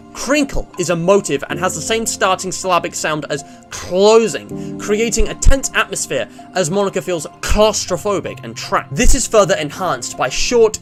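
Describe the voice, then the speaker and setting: A man delivering scripted video-essay narration in a measured, analytical way. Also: sits high, a bit bright.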